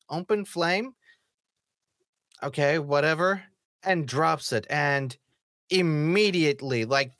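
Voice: mid-range voice, fairly bright tone, dry recording, studio quality. A vlogger giving a casual, sarcastic review of a TV episode, mocking it and swearing now and then.

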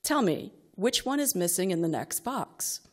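A woman's voice: medium pitch, sing-song, moderate pace, breathy edge. A woman voicing a stern female math tester with a thick Russian accent, in a live comic story reading.

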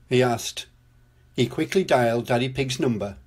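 An older man narrating a children's storybook read-aloud in a gentle, unhurried manner. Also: mid-range voice, expressive, slightly rough.

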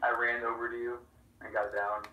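Distant man with a sharp voice. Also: medium pitch, little pitch movement, moderate pace, reverberant. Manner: dry, stubborn comebacks. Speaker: gamer playing with a friend. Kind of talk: casual gaming banter.

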